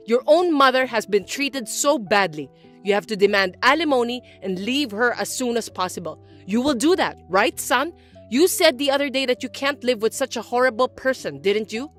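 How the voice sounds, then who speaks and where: A woman voicing a scheming, self-pitying older mother-in-law who talks in a shrill, accusing whine. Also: lively intonation, moderate pace, a bit bright, faint music behind. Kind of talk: dubbed drama acting.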